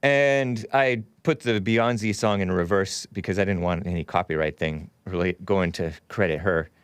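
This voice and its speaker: A man's voice: low-pitched, normal speed, clear, resonant tone, dry recording, studio quality. A man hosting a talk show, giving rambling, sarcastic political commentary with scornful asides.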